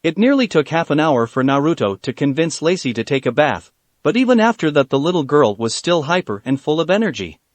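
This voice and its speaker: Expressive man reading a story aloud. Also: fairly high pitch, brisk, dry recording. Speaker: narrator. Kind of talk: reading fan fiction aloud.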